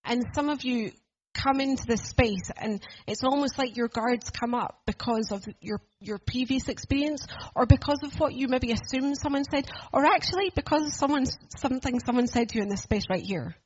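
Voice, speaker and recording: Earnest, husky-voiced woman preaching. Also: high voice, moderate pace, hardly any pauses, dull audio. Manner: earnest, conversational, asks the room questions. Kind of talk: sermon.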